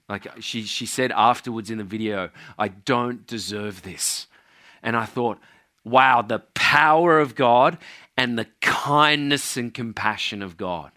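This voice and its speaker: A man preaching a sermon, telling healing stories slowly and earnestly, with frequent hesitations. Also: mid-range voice, bright, forceful tone. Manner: slow, earnest storytelling with many uh fillers. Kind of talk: sermon testimony.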